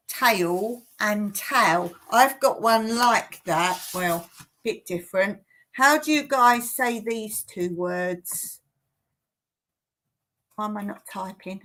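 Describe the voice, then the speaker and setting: A woman's voice: medium pitch, pushed and bright. A woman chatting casually on a livestream from her home, giggling often and laughing at herself. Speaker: livestream host. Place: home in rural Cyprus.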